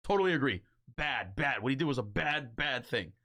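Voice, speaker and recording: A young man co-hosting a casual podcast, talking in an animated, swearing way and slipping into mock voices. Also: medium pitch, a little fast. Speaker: podcast co-host.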